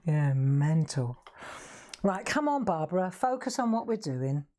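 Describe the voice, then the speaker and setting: Low-voiced chatty craft host. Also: female voice, very animated, a little slow, warm tone. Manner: chatty, laughs often, talks straight to viewers. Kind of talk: live craft demonstration.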